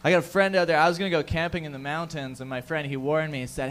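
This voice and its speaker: Hosting stand-up on stage before a live audience, a man rattles off loose, profane banter and hypes the crowd. He speaks fast with hardly any pauses, his voice on the high side, fairly bright, with fairly even intonation.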